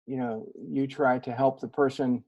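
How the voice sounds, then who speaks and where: A man's voice: medium pitch, steady tone, normal speed, darkish tone, lo-fi sound. A man hosting an interview show, introducing his guest in a friendly, upbeat way and asking questions. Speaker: podcast host.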